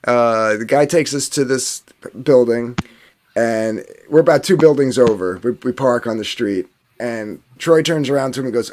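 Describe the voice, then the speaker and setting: A man's voice: mid-range voice, moderate pace, a little mellow, slight background noise. A man from New Jersey telling a long story in a rambling, casual way, full of fillers and swearing. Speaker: podcast panelist.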